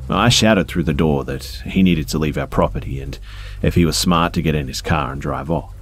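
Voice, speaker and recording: A man calmly reading first-person scary stories aloud, in a measured storytelling manner. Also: a bass voice, vocal fry, a little hiss or hum. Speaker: story narrator.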